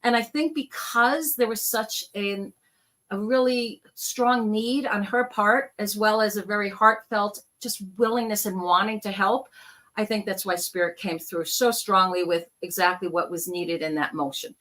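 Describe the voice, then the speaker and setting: A woman speaks in a bright, forceful voice as she tells her stories. She acts out the people in them as she goes, in a casual, chatty way. She sounds like a guest on a video call. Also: medium pitch, steady tone, a little slow. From New York. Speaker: guest, psychic medium. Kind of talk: casual storytelling interview.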